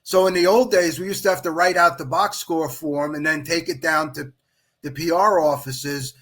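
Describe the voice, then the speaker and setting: An official baseball scorer in middle age, this podcast guest has a fairly high voice and a normal speaking speed. Chatting casually, he delivers a long, lively anecdote filled with quoted dialogue from others.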